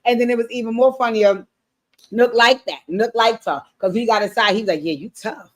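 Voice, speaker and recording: A woman recapping a TV episode on a livestream, telling it in casual, animated, profane style and acting out the characters' lines. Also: on the high side, fairly quick. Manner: animated, profane storytelling with acted-out quotes. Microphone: streaming setup mic.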